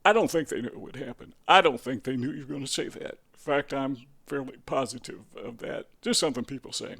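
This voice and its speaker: A man's voice: medium pitch, fairly quick, creaky, fairly bright tone, breathy edge. A man talking casually to camera in a musing way, asking rhetorical questions with a dry sense of humor. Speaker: video host. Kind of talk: casual spoken monologue.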